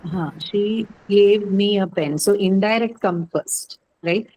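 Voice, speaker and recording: A woman's voice: medium pitch, slow, darkish tone, poor audio. A woman teaching an English grammar class, explaining patiently and often asking "right?" to check understanding.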